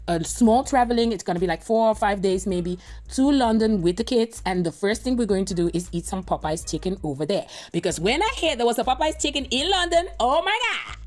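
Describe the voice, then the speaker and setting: A woman's voice: mid-range voice, darkish tone. A woman hosting a reaction video, chatting casually and rambling straight to her viewers. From Europe.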